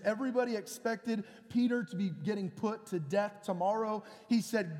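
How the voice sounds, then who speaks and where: A man's voice: high voice, moderate pace, hardly any pauses, darkish tone. A man preaching a sermon, retelling scripture with dramatic storytelling and acted-out scenes in a church. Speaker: pastor. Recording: long church-hall reverb.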